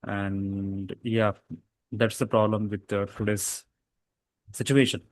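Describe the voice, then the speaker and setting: A man's voice: fairly low pitch, level tone, slow pace, no echo. A man teaching a casual grammar lesson, explaining rules with fillers and self-corrections.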